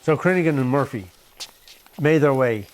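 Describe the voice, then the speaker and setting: A man narrating a documentary story in measured, short phrases. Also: medium pitch, animated.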